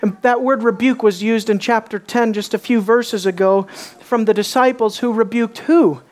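Preacher, sermon, rhetorical questions, hushed then impassioned, stretches key words. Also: mid-range voice, steady tone, moderate pace. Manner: asks the congregation rhetorical questions; moves between hushed, solemn lines and impassioned, raised ones. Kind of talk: expository sermon.

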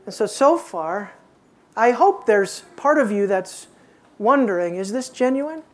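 A woman preaching an expository sermon, asking her listeners rhetorical questions and dropping to a hushed tone for emphasis. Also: medium pitch, animated, slow.

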